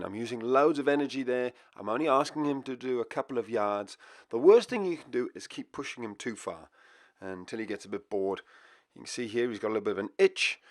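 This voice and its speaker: A man, a dog trainer, calmly talking viewers through a puppy training lesson. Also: mid-range voice, no echo, studio quality. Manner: relaxed explanatory teaching. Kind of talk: instructional video narration. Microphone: voice-over for part.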